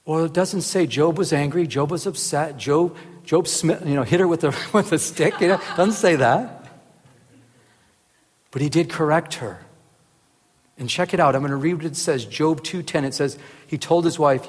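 Man, casual scripture teaching, high-pitched, earnest, long hall reverb. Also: moderate pace, breathy edge. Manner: earnest, rises into animated emphasis, often asks "remember?". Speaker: Bible teacher.

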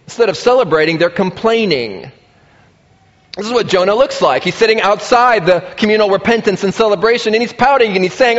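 A man preaching a sermon, lively and expressive, acting out the voices of the people he quotes. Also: sits high, brisk. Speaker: pastor. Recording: muffled sound with long reverb in a large hall.

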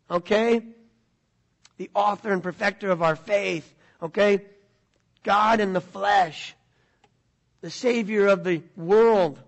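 A middle-aged man, preaching a conversational sermon and asking the congregation questions. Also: high voice. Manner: conversational, repeats words, asks the audience questions. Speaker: pastor.

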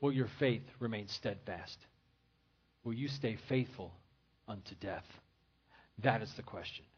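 A man's voice: lowish voice, measured pace, slightly rough, lo-fi sound. A man pastor preaching a sermon in an earnest, repetitive style. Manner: earnest preaching with repeated phrases.

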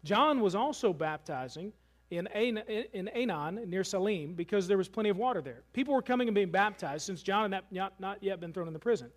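A man preaching a sermon as pastor, earnest, slowing and softening for emphasis. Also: high voice, animated.

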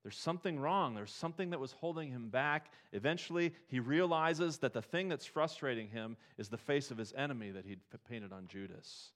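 A man preaching a sermon, telling stories and moving between quiet, reflective passages and loud, emphatic ones. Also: mid-range voice, lively intonation, fairly quick, hardly any pauses. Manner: storytelling, swings from quiet to emphatic.

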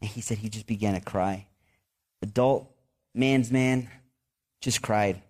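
A man preaching a sermon as a pastor, talking to his church in a conversational way, with restarts and repeated words and bursts of animated storytelling. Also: lowish voice, unhurried. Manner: animated storytelling with excited outbursts.

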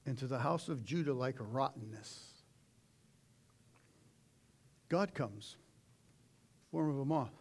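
A middle-aged man delivers a sermon in a folksy, conversational way. His voice sits a touch higher than most men's. He is animated and now and then breaks into a sudden shout. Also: a little slow, long pauses. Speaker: preacher.

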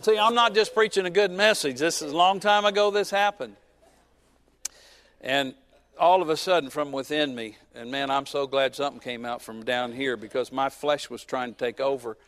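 A man in his fifties, a pastor preaching a sermon who tells a personal story with joking asides and swings between loud and soft. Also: mid-range voice, moderate pace.

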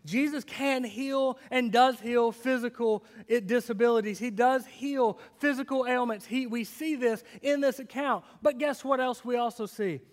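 A man preaching a sermon. He tells the story dramatically, asks his listeners questions, and swings between loud and hushed delivery. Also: very high-pitched, normal speed, few pauses. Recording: long reverb of a large hall.

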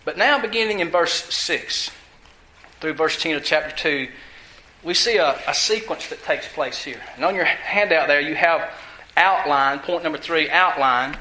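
A man's voice: fairly high pitch, unhurried, pushed and bright, reverberant, slight background noise, poor audio. A man preaching a teaching sermon, asking the congregation questions and answering them himself. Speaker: pastor.

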